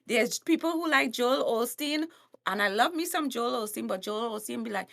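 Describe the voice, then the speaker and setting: A Trinidadian woman, a coach and comedian, talks bluntly with frequent laughter on a podcast. Her voice sits high and sounds bright and forceful. She acts out little quotes as she goes. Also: expressive, normal speed, creaky. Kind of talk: animated podcast conversation.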